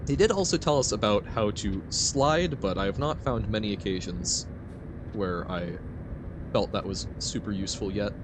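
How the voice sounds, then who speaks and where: A man's voice: lowish voice, normal speed, background noise. A man streaming a video game, chatting casually and reading chat aloud with frequent giggles. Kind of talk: casual gameplay commentary.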